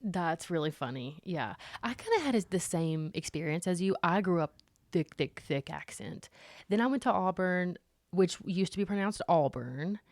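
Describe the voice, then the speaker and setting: A woman from Alabama with a Southern accent chats casually as a podcast co-host, animated and laughing often. Her voice sits a little low for a woman. The sound is dry and close, with no room echo. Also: normal speed. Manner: chatty, laughing, animated asides. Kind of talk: casual chat.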